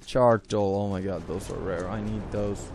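Young dude doing laid-back game commentary, deepish voice, cusses and yelps when stuff goes wrong. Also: male voice, fairly even intonation, normal speed, background noise. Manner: swears a lot, sudden loud outbursts. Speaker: let's play host. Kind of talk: casual gameplay commentary.

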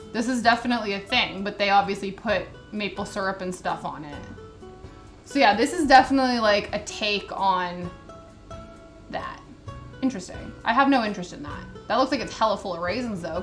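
A woman vlogger chatting casually as she reads a recipe list, with sarcastic, indignant commentary. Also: mid-range voice. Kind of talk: casual chat while reading a recipe list. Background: soft background music.

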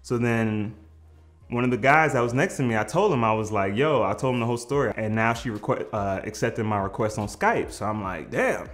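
A man telling a funny personal story in casual slang, animated and prone to shouting out the lines he quotes. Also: lowish voice, a little fast. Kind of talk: comedic storytelling.

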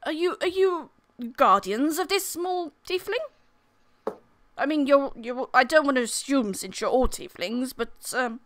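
A woman's voice: high voice, animated, a little slow, fairly bright tone, voice pushed up. Woman playing a polite, probing knight. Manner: courteous, questioning, hesitant.

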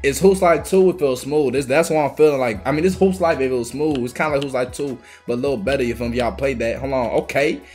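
A young man giving excitable, swearing gameplay commentary as a video host, trash talking the other players and breaking into yells. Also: medium pitch, quick pace, hardly any pauses, faint music behind. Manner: excitable, swearing trash talk with bursts of yelling. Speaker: gaming YouTuber.

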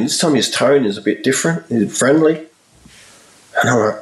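A man in his forties, a guest musician telling stories in a casual interview, animated and acting out the people in his anecdotes. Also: medium pitch, brisk. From Australia. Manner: animated storyteller, acts out voices in his anecdotes. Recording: roomy echo, a little far from the mic.

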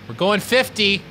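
A man's voice: sits high, bright, forceful tone, a little hiss or hum. A man playing a driving game and goofily narrating his own driving as he commentates. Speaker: gamer driving the bus. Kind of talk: let's-play commentary.

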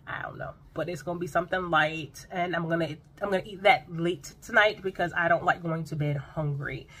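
A woman talking straight to her viewers in a loose, animated vlog, with lots of quick asides. Her voice is bright and forceful. There is a faint hiss of noise behind her. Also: lowish voice. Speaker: vlogger. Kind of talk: casual vlog chat.

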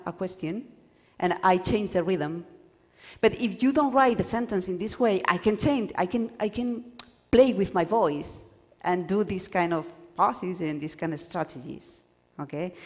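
Animated woman lecturing in a reverberant hall. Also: lowish voice. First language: Spanish. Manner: animated, acts out examples, stumbles and restarts. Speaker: workshop lecturer. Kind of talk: lively workshop lecture.

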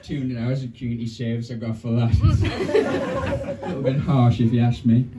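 A male stand-up comedian, telling a story on a club stage with a punchy, animated delivery. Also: mid-range voice, moderate pace, heavy background noise. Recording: distant live club sound with audience.

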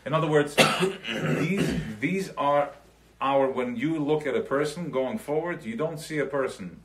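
A man's voice: on the high side, unhurried. A man teaching a live class in a loose, conversational way, mixing in Yiddish terms, checking in with his listeners and acting out everyday examples. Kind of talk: live recorded Chassidic class.

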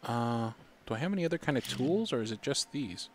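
A man casually commenting on his gameplay, muttering to himself as he puzzles things out, with sudden excited outbursts. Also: medium pitch, brisk, slight background noise. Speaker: gaming streamer. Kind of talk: casual let's-play commentary.

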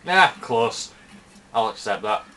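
A man's voice: medium pitch, lively intonation, takes it slowly, sharp tone, a little hiss or hum. A man casually commentating his own gameplay, chatty and sweary, talking to the enemy players on screen. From Britain. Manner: chatty, sweary, talks to enemies. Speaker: gaming commentator.

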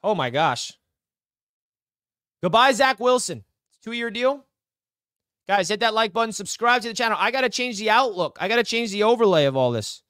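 Young male streamer, high voice, dry close sound, hyped and rambling to his chat. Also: very animated, moderate pace, long pauses, fairly bright tone, no echo. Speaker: live stream host. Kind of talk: excited live-stream sports reaction.

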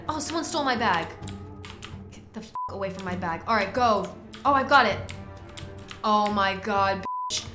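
Excitable young woman gaming, echoey room. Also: mid-range voice. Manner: excitable, swings from yelling to groaning. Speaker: gaming video creator. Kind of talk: reactive gameplay commentary.

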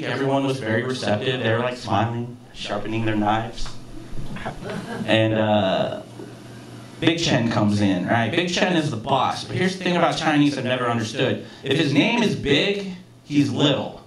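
A man doing a stand-up comedy set on a club stage, telling stories in a casual, profane, self-mocking way. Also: mid-range voice. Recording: roomy club sound from a distance, audience laughter.

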